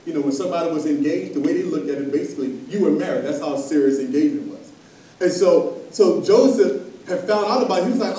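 A man preaching a sermon to a congregation, calling for responses and building to loud emphatic peaks. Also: sits high, brisk, slight background noise. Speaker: pastor. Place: church sanctuary. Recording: echoey church from far off.

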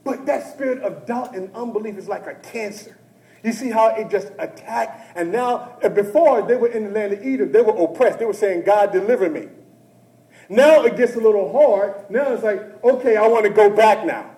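A male pastor preaching a sermon who talks straight to the congregation and swings from hushed talk to shouting. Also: high-pitched, moderate pace, reverberant, poor audio. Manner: addresses the congregation directly and often.

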